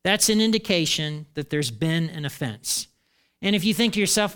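A middle-aged male pastor preaching a sermon in an animated way, acting out the voices he quotes. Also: on the high side, normal speed, smooth.

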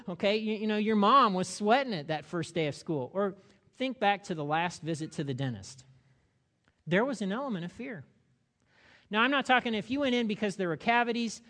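A male pastor preaching a sermon with animated, humorous storytelling. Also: high voice, normal speed, big-room sound.

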